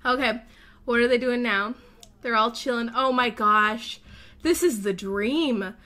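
A young-sounding woman talks her way through a game as casual commentary, her voice bright and crisp and pitched a little high. She rambles and thinks aloud, and often breaks into gasps and delighted squeals. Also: measured pace. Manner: excitable, gasping and squealing with delight. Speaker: let's play host.

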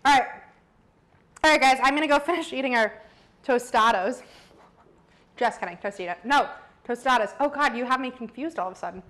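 A woman's voice: fairly high pitch, fairly quick, pauses often, a bit bright. A young woman hosting a live cooking stream, chatting casually and teasing her partner with frequent laughs. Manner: playful, laughs often, teasing. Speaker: cooking show host.

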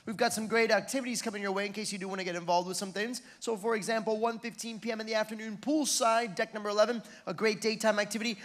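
A man's voice: high voice, fairly bright tone. A man working as a cruise director, announcing upcoming events from the stage in an upbeat presenter's manner. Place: cruise ship theater.

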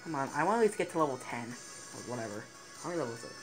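A teenage boy giving excitable gaming commentary, swearing and laughing often. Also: medium pitch, racing, rough recording. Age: teens. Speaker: gaming YouTuber. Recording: game music playing behind the voice.

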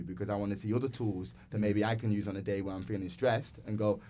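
A man's voice: fairly low pitch, steady tone, fast, dark tone, slight background noise. A man in casual podcast conversation as a guest dancer, earnest and reflective. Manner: earnest, reflective, talks in a rush.

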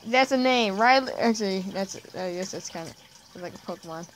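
A woman giving casual, chatty commentary while playing a game, giggling often and trailing off quietly at the ends of sentences. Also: mid-range voice, moderate pace, a little hiss or hum. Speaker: gameplay vlogger.

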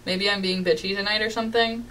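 A woman's voice: mid-range voice, fairly even intonation, quick pace, sharp tone, far from the mic. A young woman chatting casually through a let's-play of a game from her bedroom, reading chat messages aloud with a giggly, playfully dramatic manner. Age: young adult. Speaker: gaming YouTuber. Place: home bedroom.

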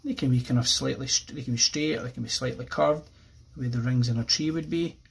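Irish guy walking you through a pencil drawing, gravelly and husky, easygoing. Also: mid-range voice, fast talker. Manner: relaxed, thinking aloud while drawing. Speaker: art teacher. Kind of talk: drawing tutorial narration.

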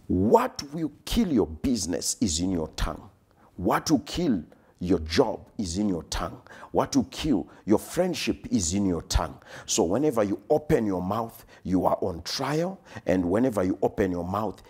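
A male preacher with a deep voice and a husky grain to it, delivering a sermon. He hammers his points through repetition and now and then sinks to a whisper for emphasis. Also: animated, moderate pace, darkish tone.

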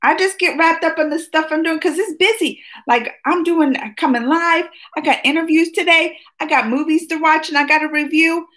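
A woman hosting a casual live chat with her viewers, excitable and talkative, laughing often as she chats at home. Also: high-pitched, normal speed, few pauses. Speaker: livestream host. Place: at home, just woken up.

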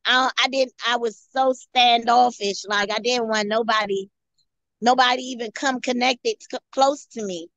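A woman guest tells her own story in an earnest, halting way, looping back over phrases as she goes. Her voice sits a little high, and the recording is dry with no room sound. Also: fairly even intonation, fairly bright tone, dry recording, dull audio. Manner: halting, repeats and restarts phrases. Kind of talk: personal testimony.

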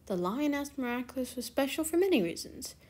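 A woman's voice: sits high, sing-song, fairly quick, a little mellow. A young woman reading her own fan fiction aloud, scattered and self-deprecating in her chatty intro. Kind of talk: casual narration of a fan story.

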